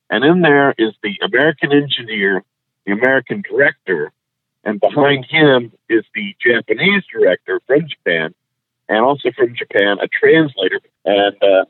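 A man's voice: mid-range voice, dry recording. A man, a comedian and voice actor, telling stories in casual chat and laughing through his anecdotes. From Houston, Texas. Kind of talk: casual storytelling. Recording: tinny phone line, dry.

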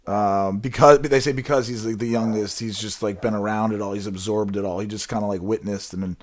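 A man's voice: lowish voice, fairly even intonation, fairly quick. A man in casual chat, rambling through his thoughts and asking questions. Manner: rambling, many fillers and restarts, asks questions. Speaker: conversation partner.

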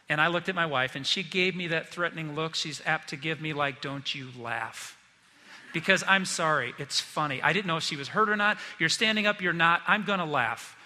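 A man preaching a sermon as pastor, telling stories in a lively, joking way. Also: on the high side, long reverb tail.

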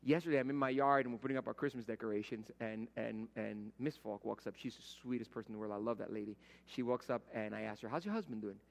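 A man's voice: medium pitch, fast, creaky, few pauses, slight background noise. A middle-aged man preaching a conversational sermon as pastor, telling everyday stories and acting out the voices he quotes. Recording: long hall reverb.

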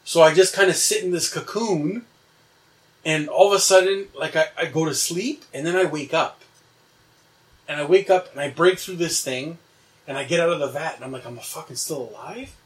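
A man's voice: on the high side, moderate pace, far from the mic. A young man animatedly telling a wild dream story in casual chat, swearing and laughing as he goes.

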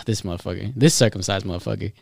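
A man's voice: fairly low pitch, quick pace, creaky, no echo, clean studio sound. A man in his twenties co-hosting a podcast, telling profane, rambling stories full of fillers. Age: 20s. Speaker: podcast co-host. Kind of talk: crude casual chat. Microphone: studio podcast mic.

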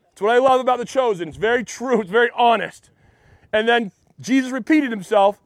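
A man pastor preaching in an animated, conversational way, often restarting his sentences. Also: very high-pitched, normal speed, no room sound, clean studio sound. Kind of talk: sermon.

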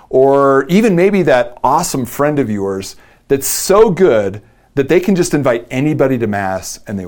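A man's voice: mid-range voice, darkish tone. A middle-aged man giving a chatty, self-deprecating storytelling talk from a conference stage. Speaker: conference speaker. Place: conference stage before a live audience.

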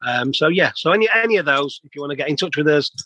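A man's voice: fairly high pitch, animated, quick pace, bright, forceful tone, dry recording, low-quality recording. A man, a plumber telling rambling stories with laughs as an interview guest. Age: 50s. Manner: chatty, rambling anecdotes with laughs. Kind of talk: casual storytelling.

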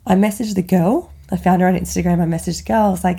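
A woman talks through a personal story on her podcast in a loose, candid way, swearing often and dropping "like" all through it. Her voice sits low and mellow, with a heavy gravelly fry. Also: steady tone, quick pace. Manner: candid, swears freely, chatty with many likes. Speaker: podcast host.

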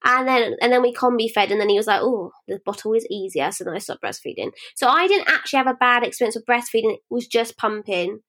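Woman on a podcast, blunt and lively, slightly high voice. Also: fast, hardly any pauses. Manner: frank, animated storytelling with acted-out quotes. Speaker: podcast co-host. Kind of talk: casual chat.

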